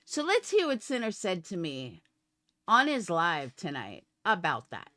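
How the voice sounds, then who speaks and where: A woman's voice: lowish voice, wildly swooping pitch, a little slow, bright, forceful tone, no room sound. A woman live streamer ranting at her viewers, profane and combative. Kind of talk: livestream rant.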